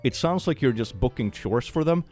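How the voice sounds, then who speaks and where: A man's voice: mid-range voice, lively intonation, normal speed, a little mellow, faint music behind. A man hosting comedic reaction commentary in a playful, sarcastic manner, laughing often. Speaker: host.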